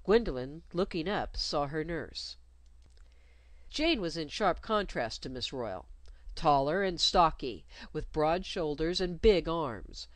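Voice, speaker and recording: A woman reading a story aloud in an expressive, measured way. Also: low-pitched, no room sound. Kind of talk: scripted storybook narration.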